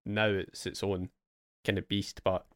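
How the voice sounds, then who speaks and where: A young man with a lowish voice hosts a casual gaming podcast. He tells long relaxed stories and swears freely. The sound is dry and close. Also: a little slow, no echo. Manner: relaxed storytelling, swears, acts out his past excitement. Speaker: podcast host. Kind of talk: casual chat.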